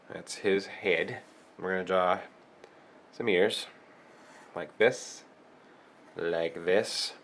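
A man with a cold walks through a drawing step by step, thinking aloud as he works. His voice sits low, and he talks very slowly and without hurry. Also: a bit bright, slight background noise. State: has a cold. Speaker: drawing tutorial host.

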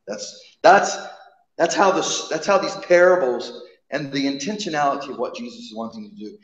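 A man's voice: mid-range voice, normal speed. A man preaching a sermon, emphatic, often repeating and restarting his words. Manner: emphatic, frequent repetitions and restarts. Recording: echoey hall, dull sound.

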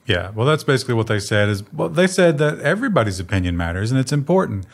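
A man with an ordinary mid-range voice co-hosts a casual tech news chat. He banters quickly and drops joking asides in a mocking tone. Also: mid-range voice, sing-song, creaky. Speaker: news show co-host.

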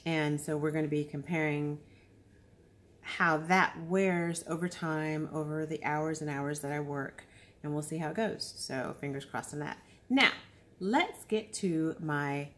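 A tired woman chatting casually through a beauty unboxing, rambling with fillers and restarts. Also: low-pitched. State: tired after a long time awake. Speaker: beauty vlogger.

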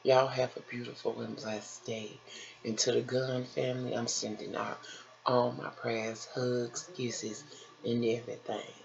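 An older woman vlogging in a slow, soothing, motherly way, calling her listeners baby and honey. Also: extremely low pitch, little pitch movement, vocal fry. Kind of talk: encouraging vlog talk. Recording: dull lo-fi home recording with faint noise.

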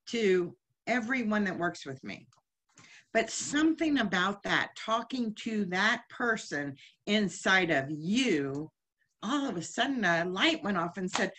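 A woman's voice: mid-range voice, pushed and bright. A woman giving a heartfelt, conversational spiritual teaching lecture at a chapel service, often asking her listeners questions. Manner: heartfelt, asks the congregation many questions.

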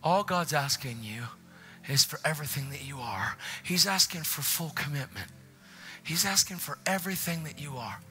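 A man preaching a passionate sermon in a church, often dropping into hushed whispers. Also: on the high side, animated, normal speed, soft background music. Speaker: guest preacher. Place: church, faint music behind.

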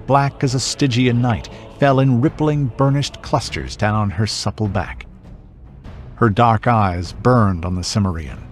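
A man reading a passage from a sword-and-sorcery story aloud, in a grave and theatrical manner. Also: lowish voice. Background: soft background music.

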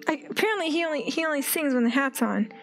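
A woman's voice: high voice, lively intonation, quick pace, faint music behind. A young woman commenting on a game, gasping, squealing and talking baby-talk to the animals. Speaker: gaming video creator. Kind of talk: excited gameplay commentary.

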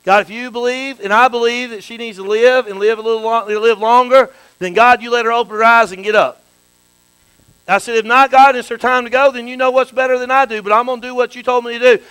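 High bright-voiced preacher, mains hum. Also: male voice, fairly even intonation, a little fast, clean tone, no room sound, low-quality recording. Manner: swings from hushed storytelling to shouted praise. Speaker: bishop. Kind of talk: sermon.

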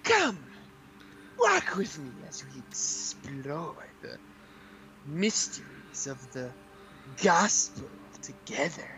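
A gamer voicing a preachy, mock-reverent guide figure in a Bible video game, with slow, preachy delivery. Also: medium pitch, huge pitch swings, bright, forceful tone, slight background noise, voice pushed down, heavily acted. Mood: mock solemn. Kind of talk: comic voice-over of a game.

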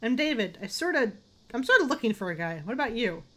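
A woman voicing an awkward, wary young man in a horror game, talking a little lower than her own voice. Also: sing-song, quick pace, pushed and bright, full character voice.

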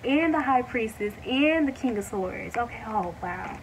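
A woman giving a casual tarot reading to her viewers, talking warmly to them as y'all and breaking into excited exclamations. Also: on the high side, distant mic, background noise. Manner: excited, animated bursts with drawn-out exclamations; addresses viewers as y'all, many fillers. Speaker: tarot reader.

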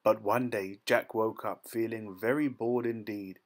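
Guy reading a kids fairy tale aloud, lowish voice, steady and expressive. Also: a little slow. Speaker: storyteller. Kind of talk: storybook read-aloud.

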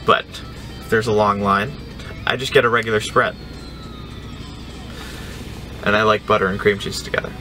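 A man's voice: mid-range voice, pushed and bright. A man vlogging from inside a car, talking casually in a dry, self-mocking, offhand way. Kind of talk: casual vlog talk. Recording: music playing behind the voice. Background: music playing in the car.

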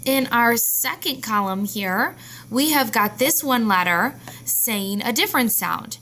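Woman teacher, slightly high voice, slow and patient phonics delivery, faint background hiss. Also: lively intonation, pushed and bright. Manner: slow, patient, sounding out words. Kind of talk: classroom phonics lesson.

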